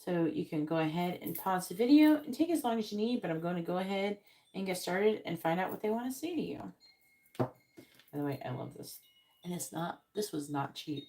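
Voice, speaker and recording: A woman's voice: lowish voice, animated, brisk, warm tone. A tired woman hosting a tarot live stream, chatting casually and rambling, with many ums and self-corrections.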